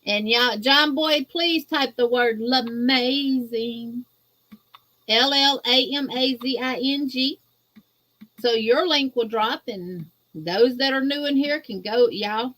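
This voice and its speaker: A woman from Louisiana with a Southern accent, guest-hosting a crochet livestream and chatting casually with viewers, greeting them in a folksy, drawn-out way. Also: fairly high pitch, fairly bright tone. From Louisiana, USA. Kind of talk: casual livestream chat reading viewer comments.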